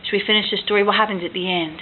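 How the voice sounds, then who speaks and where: A woman at home retelling a picture book with a toddler, gentle and coaxing, often dropping to a hush. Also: mid-range voice, steady tone, rapid-fire. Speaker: parent reading to a toddler. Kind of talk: bedtime story retelling. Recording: tinny lo-fi home recording, faint hiss.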